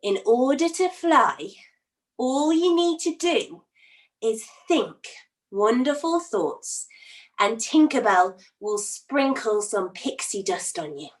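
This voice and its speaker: A woman voicing a confident young boy who invites the children to fly, speaking calmly. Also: a little high, slow pace, voice pushed down. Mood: inviting. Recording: roomy, from a distance.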